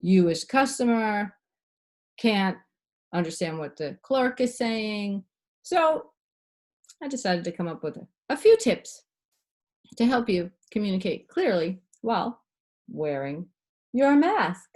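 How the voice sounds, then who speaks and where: A middle-aged woman voice coach giving a clear, demonstrative lesson, shifting her pitch and loudness to show techniques. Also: sing-song, slow, pauses often. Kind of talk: instructional talk to camera.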